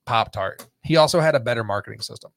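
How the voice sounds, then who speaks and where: A man's voice: mid-range voice, fast talker, vocal fry, dry recording. A man hosting a casual podcast, rambling with lots of filler words and frequent laughter. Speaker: podcast host. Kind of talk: casual chat.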